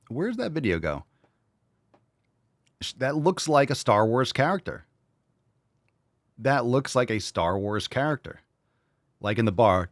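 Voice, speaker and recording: A man's voice: mid-range voice, very animated, unhurried, pauses often, no echo. A man hosting a livestream, ranting and mocking while he reads viewer chat aloud, heavy with swearing. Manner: profane, mocking rant. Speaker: host. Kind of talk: livestream commentary, reading chat.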